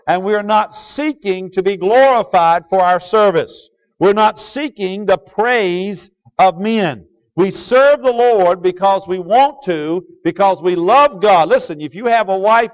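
A man preaching a sermon to a congregation, asking them questions and switching from loud emphasis to quiet asides. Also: sits high, animated, measured pace. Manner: call-and-response questions to the congregation. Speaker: pastor. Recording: dull lo-fi sound.

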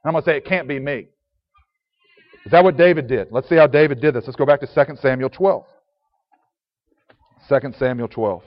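Earnest preacher in a reverberant hall. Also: male voice, medium pitch, fast, long pauses. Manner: earnest, reads scripture aloud in King James wording. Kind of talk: sermon. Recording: dull sound with long reverb.

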